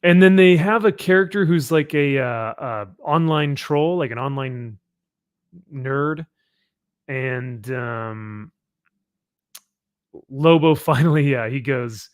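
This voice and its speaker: A man's voice: medium pitch, slow pace, pauses often, clear, resonant tone, dry recording, studio quality. A man hosting a casual chat, rambling as he sums up a comic and laughing along. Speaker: podcast host.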